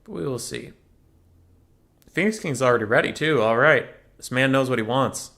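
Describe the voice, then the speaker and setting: A man's voice: medium pitch, expressive, normal speed, fairly bright tone. A young man casting a strategy game tournament, chatty and joking as he thinks aloud about the matchups. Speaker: tournament caster. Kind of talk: casual game commentary.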